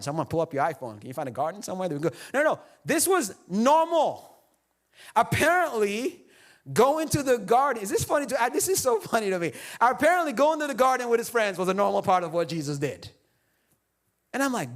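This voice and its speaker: A man's voice: high-pitched, big pitch swings, fairly quick. A young adult man preaching a sermon as pastor in a church, playful and jokey, acting out other people's voices. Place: church sanctuary.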